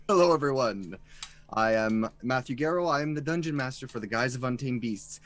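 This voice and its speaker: A man's voice: mid-range voice, lively intonation, moderate pace, a bit bright. A man hosting a live tabletop game as dungeon master, chuckling and improvising his way through the introductions.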